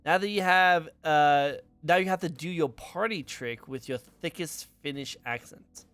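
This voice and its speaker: A man's voice: a little high, unhurried, fairly bright tone, clean tone, dry recording. Upbeat American man hosting a stream interview. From United States. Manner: upbeat, repeats phrases, laughs easily. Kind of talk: casual interview chat.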